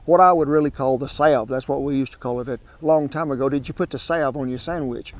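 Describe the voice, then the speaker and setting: Outdoors by a smoker grill, a man hosts a casual cooking demonstration in a medium-pitched, fairly quick voice. His talk is a folksy, chatty drawl.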